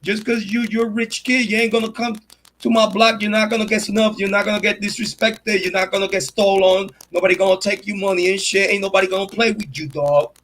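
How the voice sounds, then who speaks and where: Swaggering high-voiced man streaming. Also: fairly even intonation, a little fast, fairly bright tone, rough recording. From Puerto Rico. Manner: boastful, swaggering street slang. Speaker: true crime and sports commentary host. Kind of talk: casual livestream monologue.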